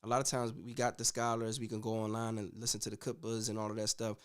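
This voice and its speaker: A man hosting a casual commentary show, talking in an animated, slangy way with frequent "you know what I'm saying.". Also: fairly low pitch, fast talker, clean tone. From United States. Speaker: host.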